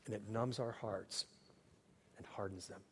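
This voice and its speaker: A man delivering a sermon as pastor, earnest and shifting between hushed, quiet passages and emphatic, raised ones. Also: lowish voice, fairly even intonation, unhurried, slight background noise. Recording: long hall reverb.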